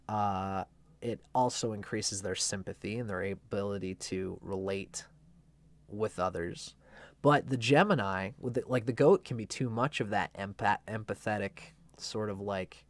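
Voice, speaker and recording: A man teaching astrology in a loose, conversational way, with a playful and irreverent edge. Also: lowish voice. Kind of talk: casual explanatory talk.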